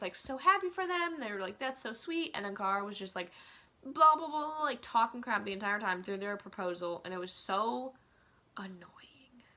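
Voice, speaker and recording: A woman's voice: mid-range voice, sharp tone. A woman ranting casually in a vlog, chatty and opinionated, filling her talk with "like" and "um," recorded on a phone. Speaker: vlogger. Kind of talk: casual rant.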